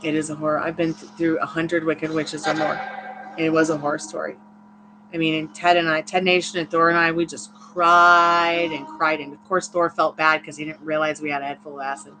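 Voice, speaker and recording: Over a noisy background, a tired woman with a low voice and little pitch movement talks briskly on her tarot livestream. The host and tarot reader tells a long personal story in casual, candid, rambling chat, laughing often.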